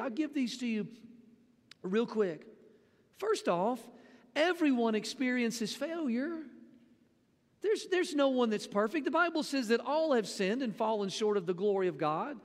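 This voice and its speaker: High-voiced man preaching in a hall. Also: big pitch swings, moderate pace. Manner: conversational, repeats words when restarting. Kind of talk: sermon. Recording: long hall reverb.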